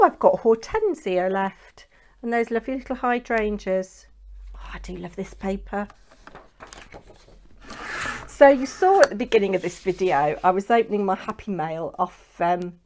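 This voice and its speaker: A woman's voice: lowish voice, a little mellow, a little hiss or hum. A woman hosting a papercraft channel, talking through her work in a rambling, chatty way and adding lots of tag questions. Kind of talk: chatty crafting vlog.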